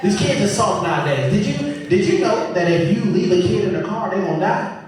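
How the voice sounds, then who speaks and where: A man's voice: high-pitched, a little fast, faint music behind. A man performing a stand-up comedy set, telling stories with animation and acting out his family. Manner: animated storytelling, acts out family members. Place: comedy club stage. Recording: very echoey live room, distant mic, audience noise.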